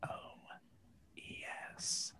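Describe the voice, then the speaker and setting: A man putting on a breathy, mock-seductive whisper for a whispered role-play, reading odd phrases as a sultry tease. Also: extremely slow, sharp tone, exaggerated voice.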